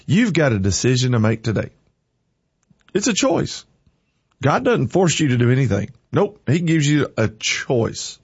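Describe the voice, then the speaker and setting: A man's voice: medium pitch, big pitch swings, unhurried, breathy edge, no room sound, lo-fi sound. A man hosting a morning show, chatting folksy and then preaching with energy. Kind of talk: casual chat turning to preaching.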